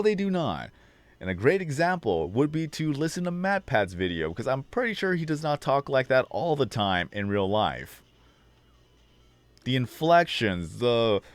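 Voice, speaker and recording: A man with a low baritone voice hosting a casual livestream chat, slightly hoarse and rambling on long tangents. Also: no echo. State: slightly hoarse, losing his voice. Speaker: livestream host. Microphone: desk microphone.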